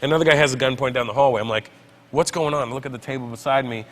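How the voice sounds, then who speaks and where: Bright-voiced comedian telling a story. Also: male voice, mid-range voice, racing. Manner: animated storytelling, voices the people he quotes. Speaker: comedian talk show guest. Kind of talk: comic anecdote on a talk show.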